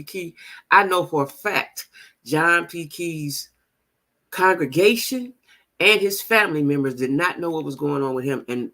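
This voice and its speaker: A woman's voice: deep voice, a bit bright. A woman hosting a gossip show, chatting casually and directly to her viewers, repeating phrases for emphasis. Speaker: host of a gossip channel.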